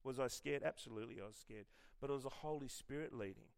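A middle-aged Australian man preaching a sermon in a lively, conversational way, telling personal stories with self-deprecating humour. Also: medium pitch, quick pace, gravelly, clean tone. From Western Australia. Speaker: pastor.

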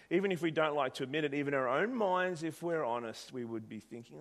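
A man's voice: fairly high pitch, fast talker, few pauses. Conversational male preacher. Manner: conversational, rhetorical questions. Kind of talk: sermon with a told story.

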